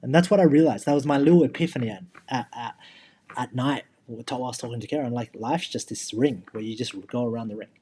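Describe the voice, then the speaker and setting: A man's voice: medium pitch, quick pace, dark tone, a little hiss or hum. A young man co-hosting a podcast, talking bluntly and emphatically in casual chat, swearing freely. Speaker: podcast co-host.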